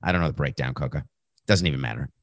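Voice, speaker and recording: A man hosting a sports podcast, talking sarcastically and acting out quotes with animated, mocking voices. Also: very deep voice, racing, no echo, clean studio sound. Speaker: podcast host.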